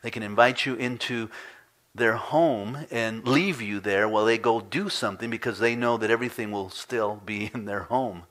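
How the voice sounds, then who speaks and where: A man delivering a sermon from the pulpit, his somewhat low voice carrying a bright, forceful edge. He tells stories with animation and then drops into soft, near-whispered asides on serious points. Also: normal speed. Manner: animated storytelling, voice climbing high and loud when retelling frustration. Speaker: pastor.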